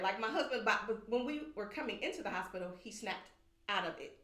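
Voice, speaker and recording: A woman's voice: mid-range voice, fast talker. Woman telling a painful story. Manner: candid, animated, acts out quoted voices. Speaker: podcast guest. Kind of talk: emotional personal storytelling. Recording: echoey room.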